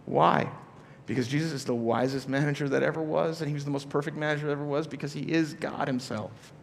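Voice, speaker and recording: A man's voice: fairly high pitch, fairly even intonation, fast, vocal fry, a little hiss or hum. Man preaching casually in a reverberant church. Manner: casual, questioning, with many asides and repeated starts. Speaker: pastor. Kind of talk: conversational sermon. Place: church auditorium. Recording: live church hall reverb with soft music.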